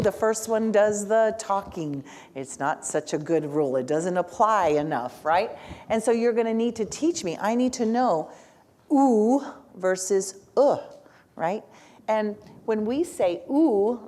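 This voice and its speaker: Animated woman lecturing teachers. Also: on the low side. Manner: animated, asks the audience questions, frequent "right?"; speaks as the learner in first person. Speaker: lecturer on spelling instruction. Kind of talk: workshop lecture.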